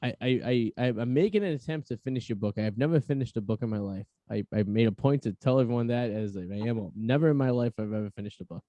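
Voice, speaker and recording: Rambling Boston man, mellow voice. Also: medium pitch, fast, few pauses, dry recording, highs cut off. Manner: rambling with stammered restarts. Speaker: podcast host. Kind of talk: casual chat.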